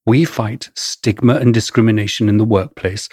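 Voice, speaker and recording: A man with an English accent narrates his own memoir in a wry, measured storytelling manner. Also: lowish voice, fairly even intonation, darkish tone, breathy edge, no room sound, studio quality. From England. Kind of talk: first-person memoir narration.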